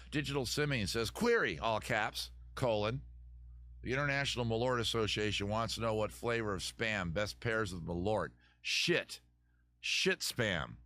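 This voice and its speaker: Low-voiced man riffing on chat questions. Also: pushed and bright, dry recording. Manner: jokey, digressive, answering chat questions with mock advice. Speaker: host of a live advice stream. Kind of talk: casual rambling live-stream chat. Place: home room with a fire.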